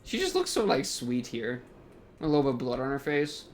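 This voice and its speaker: A man's voice: mid-range voice, huge pitch swings, fairly quick. A young man hosting an anime reaction, talking casually and rambling, full of fillers as he thinks aloud.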